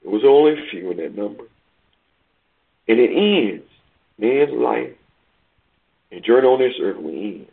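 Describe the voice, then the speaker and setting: A man preaching a sermon, reading scripture aloud and explaining it with emphatic swells and hushed asides. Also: medium pitch, very animated, measured pace, vocal fry, long pauses, slightly rough. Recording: tinny phone-like line.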